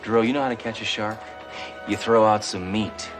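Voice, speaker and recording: Man playing a gruff, cocky cop. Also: lowish voice, fairly quick, music in the background, close to an everyday voice. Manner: gruff, deadpan, blunt. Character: tough, cocky, dimwitted male cop. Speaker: police detective.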